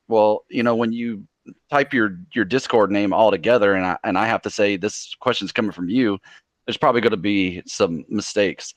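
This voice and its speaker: Southern US man, low-pitched, dry close sound, laid-back jokey moderator on a voice call. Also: moderate pace, dry recording. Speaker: Discord moderator. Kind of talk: casual voice chat. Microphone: online voice call.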